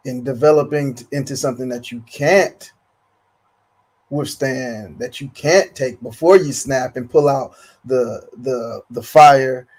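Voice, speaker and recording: A man's voice: medium pitch, a little mellow. A man with a mid-range voice argues his view on a casual panel. He speaks emphatically in slang and stumbles over repeated words as he builds up to his point.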